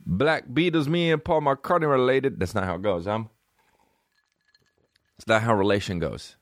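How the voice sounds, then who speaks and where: A man hosting a solo comedy podcast, rambling and swearing as he riffs, bursting into quick mock voices. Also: mid-range voice, no room sound, studio quality. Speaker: podcast host. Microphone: phone.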